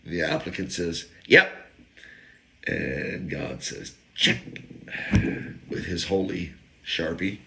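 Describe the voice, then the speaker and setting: A man's voice: low-pitched, measured pace, creaky, slight background noise. A man, a podcast host, telling a casual comic story and acting out the people in it. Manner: animated, acts out quoted people, jokes about word sounds.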